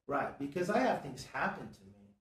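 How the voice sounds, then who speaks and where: A man's voice: fairly high pitch, very animated, moderate pace, fairly bright tone. A man hosting a casual motivational chat in a studio, talking in an earnest, preachy way and leaning on "you know" a lot. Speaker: show host and business owner. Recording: roomy, distant from the mic.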